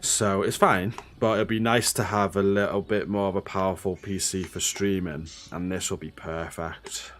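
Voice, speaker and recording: Low-voiced Welsh man streaming. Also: steady tone, normal speed, few pauses, a bit bright. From Wales. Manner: swears freely, reads chat names aloud. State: sleepy. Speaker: streamer host. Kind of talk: casual live-stream chat.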